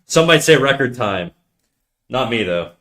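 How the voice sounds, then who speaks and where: A young man live streaming, chatting casually with viewers in a deep, bassy, nasal voice, talking fast with frequent stutters and restarts, swearing and calling everyone dude. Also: very animated, a bit bright. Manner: swearing, slangy, calls listeners dude. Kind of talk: casual chat reading viewer comments.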